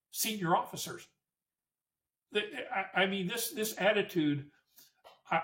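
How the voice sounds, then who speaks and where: A man's voice: fairly high pitch, a bit bright, recorded from a distance. An older man, a war veteran, telling memories to an audience in a storytelling way, with restarts and emphatic repetition. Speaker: Vietnam War veteran speaker.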